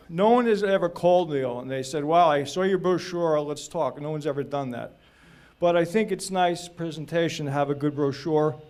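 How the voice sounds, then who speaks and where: A man's voice: sits high, darkish tone. A middle-aged man giving a casual, chatty talk to a meeting of videographers, full of anecdotes and small jokes. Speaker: real estate videographer presenting.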